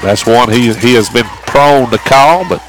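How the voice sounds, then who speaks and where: Brief: folksy male color commentator, chatty and halting, outdoor ballpark. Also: mid-range voice, loud music behind the voice, poor audio. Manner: folksy, rambling, stammering restarts.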